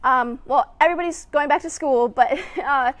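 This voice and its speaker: Super high-pitched woman doing kids story time, playful and encouraging, hums little boops and doos. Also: moderate pace. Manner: playful, encouraging, talks straight to young kids; hums little sound effects and laughs between cues. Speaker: family educator hosting story time. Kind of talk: children's story time and movement exercises.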